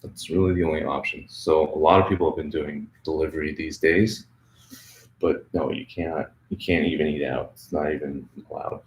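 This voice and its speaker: A man hosting an English-learning channel, answering viewer questions in a relaxed, chatty way full of "like" and "um". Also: rumbling low, moderate pace, roomy sound, slight background noise. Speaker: English teacher, channel host.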